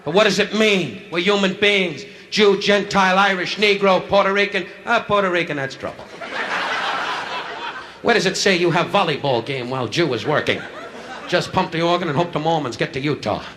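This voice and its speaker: A male stand-up comedian doing insult comedy, firing brash, rapid jabs at audience members from a nightclub stage. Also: a little high, crowd noise. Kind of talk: insult comedy crowd work. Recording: live club recording, loud laughter, hiss.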